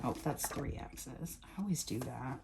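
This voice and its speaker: A woman's voice: a bass voice, lively intonation, measured pace, gravelly, noisy background. A woman doing a casual tarot reading, chatting and thinking aloud as she turns and reads the cards. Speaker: tarot reader.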